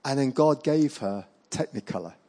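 A middle-aged man preaching, telling healing stories with lively acted-out quotes. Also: mid-range voice, normal speed. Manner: animated storyteller acting out quoted voices. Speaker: evangelist preacher. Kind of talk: sermon storytelling.

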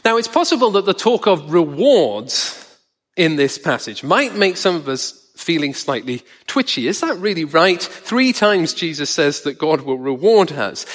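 A man preaching a sermon in a measured, wry, conversational way, slowing down to stress words. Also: fairly high pitch, a bit bright. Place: church hall. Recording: long reverb of a church hall.

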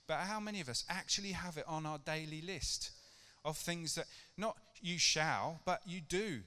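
A man's voice: on the high side, normal speed, hardly any pauses, bright, forceful tone, smooth. A middle-aged man preaching a casual sermon to his church, chatty and conversational, with rhetorical questions to the congregation. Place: church hall. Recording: long reverb of a church hall.

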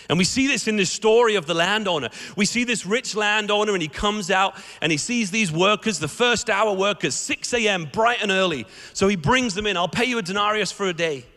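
Bright-voiced man preaching in a hall. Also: sits high. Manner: animated storytelling, acts out the characters. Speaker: guest preacher. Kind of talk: sermon. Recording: echoey hall reverb.

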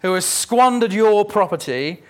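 A man's voice: high-pitched, expressive, a little slow, voice pushed up. A man doing an indignant, resentful older brother. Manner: indignant complaining.

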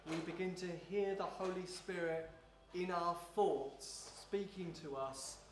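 A man leading a congregation through a slow, prayerful devotional teaching in a church room, with repetitive phrasing. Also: high voice, soft background music. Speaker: pastor leading a service. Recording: roomy echo, faint noise.

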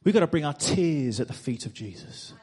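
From a church stage, a man with a notably high voice for a man delivers a sermon, fairly quick, with lively intonation and a slightly mellow, breathy edge. He hammers his points through repeated phrases and rhetorical questions aimed at the congregation.

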